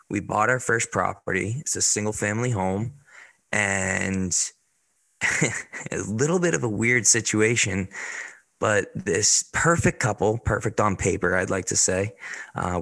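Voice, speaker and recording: Brief: male guest, lowish voice, bright and forceful, dry close sound, relaxed storyteller. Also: gravelly, no room sound. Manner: chatty, swears casually, quotes people in the stories. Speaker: podcast guest, real estate investor. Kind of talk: casual storytelling.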